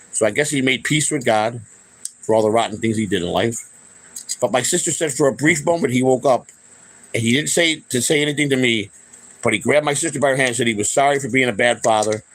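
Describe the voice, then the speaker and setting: A middle-aged man from Chicago talks straight into the camera as host of his own channel, telling a personal story off the cuff. His voice sits at an ordinary pitch for a man. He rambles, curses freely and keeps stumbling over his own sentences. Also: a bit bright, no room sound, rough recording. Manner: rambling, profane, with frequent restarts.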